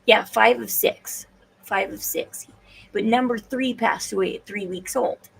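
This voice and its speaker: A woman's voice: mid-range voice, measured pace, gravelly, slightly rough. A woman hosting a casual solo livestream, talking in a rambling, hesitant way with frequent restarts. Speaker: podcast host. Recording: distant mic, faint room noise.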